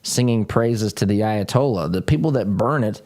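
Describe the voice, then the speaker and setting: A man's voice: lowish voice, normal speed, darkish tone. A man hosting a political talk show, speaking emphatically and often repeating phrases, with folksy asides to his listeners. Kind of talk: political commentary monologue.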